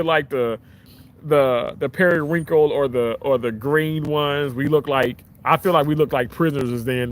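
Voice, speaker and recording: A man with a slightly high voice talks casually on a livestream, reading comments. He rambles and restarts his sentences often, and his pitch leaps upward whenever he gets excited. He is outdoors by the water, speaking into a phone held at arm's length. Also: moderate pace. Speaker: livestream host.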